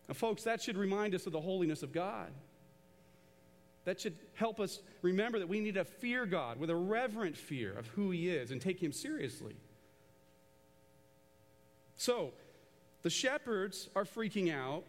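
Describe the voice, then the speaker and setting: A man preaching a sermon to a church congregation, animated and conversational, drawing the crowd into call-and-response. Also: high-pitched, moderate pace, long reverb tail. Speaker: pastor. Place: large church auditorium.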